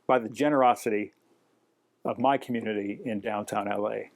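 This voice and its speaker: Man telling lively neighborhood stories. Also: lowish voice, moderate pace, vocal fry. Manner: animated anecdotes, mimics shouting characters. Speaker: interviewee. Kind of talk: storytelling interview.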